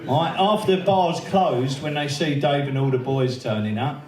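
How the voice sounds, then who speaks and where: Guy telling pub stories to a crowd, laughing and swearing, bit high voice, echoey room, mic far off. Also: moderate pace, darkish tone. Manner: swearing, laughing storyteller who acts out the quoted voices. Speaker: speaker at a memorial birthday event. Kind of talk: anecdotal speech to a crowd. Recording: echoey room, heard from a distance.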